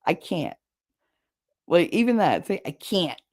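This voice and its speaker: Low-voiced chatty woman livestreamer, thick American accent. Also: very animated, unhurried, darkish tone, dry recording, studio quality. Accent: thick regional American accent. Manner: chatty, swears casually, laughs often. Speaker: livestream host. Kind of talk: casual chat. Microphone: livestream setup.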